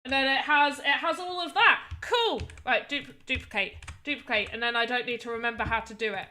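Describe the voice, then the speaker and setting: In a high-pitched, fairly quick voice that sounds bright and forceful, a woman chats casually on a live stream while working on her game. She thinks out loud during testing and reacts with exclamations to events on screen.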